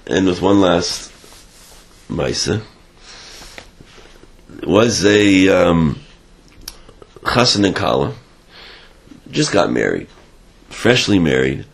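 Gravelly, animated man telling a story. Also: sits low. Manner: halting, many restarts, animated retelling. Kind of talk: religious storytelling talk.

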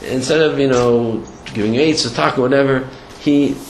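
A man giving a storytelling Torah lecture in a halting way, with many restarts and Hebrew and Yiddish terms. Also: mid-range voice, steady tone. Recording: echoey room, faint background noise.

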